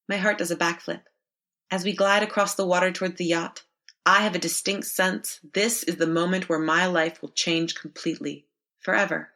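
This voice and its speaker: Woman reading a first-person story, slightly low voice, bright and forward, measured pace. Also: fairly even intonation, creaky. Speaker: story narrator. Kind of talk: scripted first-person narration.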